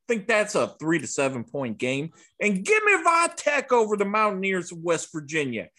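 A man voicing a brash, foul-mouthed Southern sports bettor, doing a loud, cocky impression with a Southern accent on a podcast. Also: high voice, wildly swooping pitch, normal speed, pitched above the performer's own voice, exaggerated voice.

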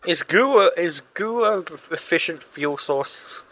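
A man's voice: high voice, lively intonation, unhurried, fairly bright tone. A man co-hosting a podcast in playful, sweary, laughing chat. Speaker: podcast co-host. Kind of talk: casual chat.

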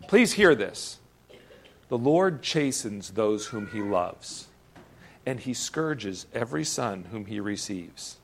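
A man preaching a sermon, earnest and emphatic, often repeating words as he presses a point. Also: medium pitch. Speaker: pastor.

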